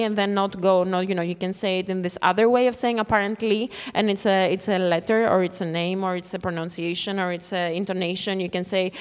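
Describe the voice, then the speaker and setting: A woman's voice: mid-range voice, fairly even intonation, fairly quick, few pauses, clear, resonant tone, long reverb tail. A woman giving a stream-of-consciousness spoken performance into a microphone, circling and repeating phrases over and over. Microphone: speaking into a microphone.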